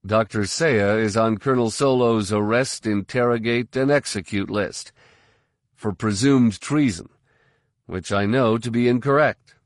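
A man voicing a calm, deadpan military general in an audiobook, measured and even. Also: on the low side, no echo, clean studio sound, close to an everyday voice. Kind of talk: audiobook character voice.

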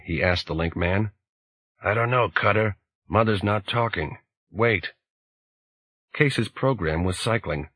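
A man narrating an audiobook in a measured, deliberate way. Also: low voice, fairly bright tone, breathy edge, no room sound.

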